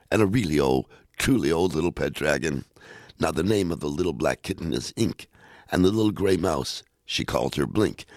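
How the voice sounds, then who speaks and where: A man hosting a radio show, reading children's poems aloud in a playful, expressive way. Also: deep voice, no room sound, studio quality.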